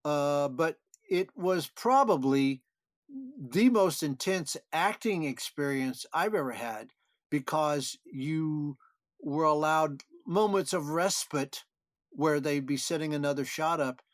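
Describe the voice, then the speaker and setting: An older actor, a guest on an interview podcast, telling animated behind-the-scenes anecdotes with frequent chuckles. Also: male voice, on the high side, takes it slowly, no room sound, clean studio sound. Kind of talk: storytelling interview.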